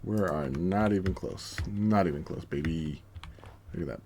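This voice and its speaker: A man with a fairly low voice chats through his gameplay stream, narrating each move in a loose, self-amused way and now and then going mock-grandiose. Faint keyboard typing sits under his voice. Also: normal speed, a little mellow, a little hiss or hum. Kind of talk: casual gameplay commentary.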